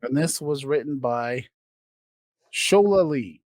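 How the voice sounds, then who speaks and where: Guy hosting a podcast, ranting loud then mumbly, swears a lot, very lively voice, dead dry room. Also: medium pitch, slow, no echo. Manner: crude, animated, swings between loud and quiet. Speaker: podcast host. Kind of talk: comedic rant.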